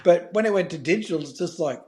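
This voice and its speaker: A middle-aged Australian man telling fishing stories in a casual podcast chat, animated and swearing freely. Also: sits high, fast. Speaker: guest, fishing filmmaker.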